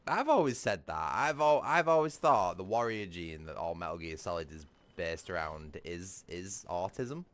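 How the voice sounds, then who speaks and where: A British man livestreams a game from home, chatting in a crude, rambling way with frequent restarts and laughter. His low voice is expressive and fairly bright, moving at normal speed with few pauses, and there is no room sound.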